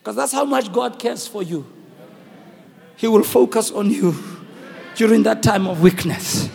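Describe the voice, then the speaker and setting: A man preaching a sermon, swinging between shouted, sung phrases and hushed speech. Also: sits high, a little slow, gravelly. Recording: long hall reverb.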